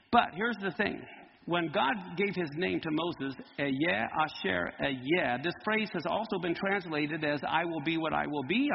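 A man preaching a Bible teaching sermon, lively and emphatic as he explains Hebrew words. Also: sits high, vocal fry, big-room sound, lo-fi sound, a little hiss or hum.

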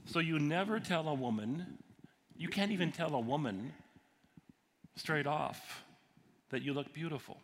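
A man's voice: fairly high pitch, a little slow, pauses often. A man who is a pastor and counselor, teaching a sermon in a conversational way and asking his audience questions. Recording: long hall reverb, faint noise.

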